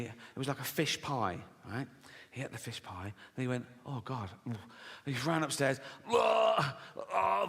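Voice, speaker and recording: A man performing a live stand-up comedy set, telling stories in a sardonic, profane way with bursts of mock-outraged shouting. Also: medium pitch. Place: large theatre stage with a laughing audience. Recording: live hall sound with audience noise.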